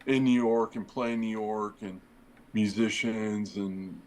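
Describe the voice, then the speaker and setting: A middle-aged man who used to fight fires tells a long, loose story as a podcast guest, his voice fairly low, steady, slightly mellow, and unhurried. He acts out the dialogue and uses plenty of fillers. The low-quality recording has a little hiss or hum.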